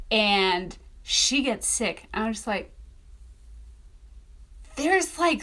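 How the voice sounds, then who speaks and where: A young woman telling a story in a casual vlog, animated and acting out the voices she quotes. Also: medium pitch. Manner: animated, acts out quoted voices, laughs often. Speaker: author vlogger.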